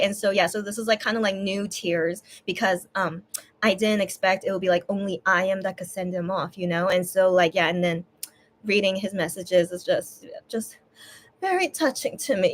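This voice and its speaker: A young woman talking casually to her viewers while tearful and crying, halting with many restarts and pauses. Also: a little high, a bit bright. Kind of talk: emotional casual livestream talk.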